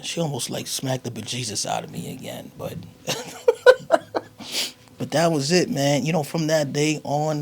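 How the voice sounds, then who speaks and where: A comedian telling a story in an animated, slangy way, sometimes dropping to a whisper. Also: male voice, medium pitch, a little slow, vocal fry, a little hiss or hum. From United States. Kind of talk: comic storytelling monologue.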